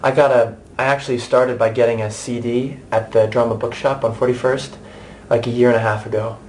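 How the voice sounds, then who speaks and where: A man's voice: medium pitch, brisk, a little hiss or hum. Chatty American actor in his thirties. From United States. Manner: chatty and animated, with many restarts and asides. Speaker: interviewee, stage actor. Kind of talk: candid conversational interview.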